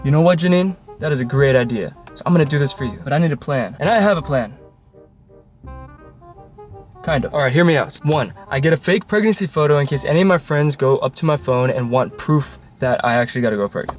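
A chatty young man talks straight to camera in a casual vlog, his voice a bit high for a man. He is excitable and self-mocking, with faint music playing underneath. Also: fast talker. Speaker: vlogger. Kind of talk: casual prank vlog narration.

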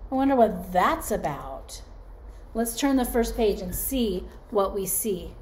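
A woman's voice: mid-range voice, animated, a little mellow, slight background noise. A woman preschool teacher leading circle time and reading aloud to young children in an encouraging way. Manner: slow, encouraging, talks to children as friends.

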